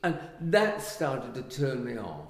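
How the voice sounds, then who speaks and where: A man's voice: medium pitch, slow. Older man telling stories, echoey room. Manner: animated, acts out quoted voices. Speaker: guest, writer and actor. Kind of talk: anecdotal storytelling. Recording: echoey room with long reverb.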